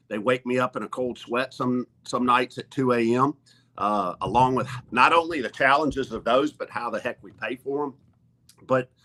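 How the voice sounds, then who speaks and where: A man's voice: medium pitch, bright, forceful tone. A man who is a college athletic director, talking earnestly as a guest on a sports talk show, stopping and restarting often with lots of fillers.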